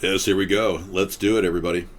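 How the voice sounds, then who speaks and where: A man's voice: low-pitched, steady tone, fast talker. A man hosting a casual political chat show, rambling and sarcastic. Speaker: host.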